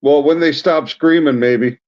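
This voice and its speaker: Brief: male radio co-host, a bit high-pitched, relaxed joker who cheers on listeners. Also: unhurried, lo-fi sound. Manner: easygoing, joking, cheering on listeners. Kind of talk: casual radio banter. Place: radio studio.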